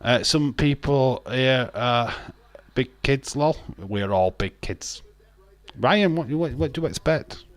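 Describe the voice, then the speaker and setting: A man talks casually on a wrestling watch-along stream, rambling, blunt, and repeating words as he laughs often. His voice is medium-pitched and slow, with no room sound.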